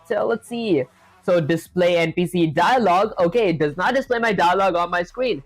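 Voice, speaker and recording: A programmer chats casually with viewers while coding on a live stream, in a mid-range voice at a moderate pace. Chatty and packed with fillers, the streamer keeps addressing the chat as "guys" and makes light, self-deprecating jokes about small slip-ups.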